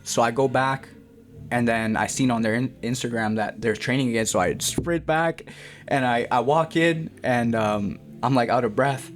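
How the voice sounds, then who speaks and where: A young man from Canada, medium in pitch and moderate in pace, speaks with faint music behind him. He's a boxer relating his story in a relaxed, slangy interview, lively and frequently calling the host "bro."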